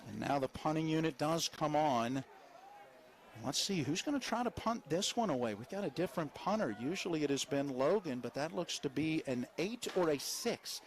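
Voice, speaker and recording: A man with a West Virginian accent calling a high school football game live, reading sponsor spots between plays and climbing in pitch on big plays. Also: slight background noise. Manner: fast, rising excitement on big plays, chatty asides. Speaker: play-by-play announcer. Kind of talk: live sports commentary with sponsor reads.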